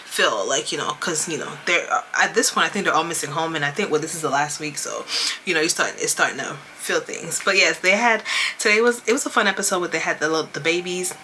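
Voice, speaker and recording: Woman vlogging, casual and chatty, lots of "like", kinda low but bright voice. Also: fast, a little hiss or hum. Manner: chatty and animated, acting out quoted lines; heavy use of "like" and "you know" fillers. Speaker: show recap vlogger. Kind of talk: casual chat.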